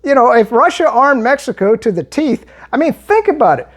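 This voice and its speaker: A man's voice: very high voice, sing-song, a little fast. A man giving a heated, argumentative monologue as he answers viewer comments, often restarting his sentences. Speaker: political commentary vlogger.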